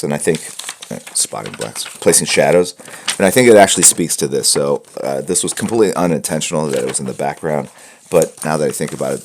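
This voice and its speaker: A man with a very deep voice and a rough, gravelly edge talks casually to a live stream audience. He rambles, jokes and restarts his sentences, with plenty of fillers. He wears headphones and talks from a room at home filled with comic books. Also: a little hiss or hum. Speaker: host of a live art portfolio critique stream. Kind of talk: casual livestream chat. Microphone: wearing headphones.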